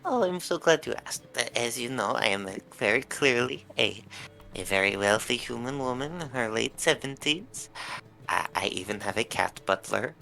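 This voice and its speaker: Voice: medium pitch, lively intonation, normal speed, gravelly, pushed and bright, faint music behind. A player voicing a very wealthy woman in her late seventies who schemes to become a lich, speaking in a grand, self-satisfied, mock-genteel way. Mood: smug. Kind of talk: tabletop role-play in character.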